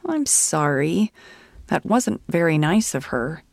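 A woman voicing a gentle mother in an audio storybook, speaking softly and soothingly. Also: lowish voice, lively intonation, a little slow, no room sound, clean studio sound. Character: gentle mother of a young girl.

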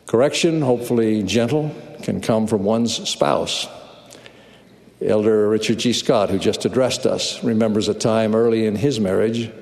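A man giving a conference sermon, telling a story in a measured, earnest way. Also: on the low side, darkish tone. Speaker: church speaker. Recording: long hall reverb.

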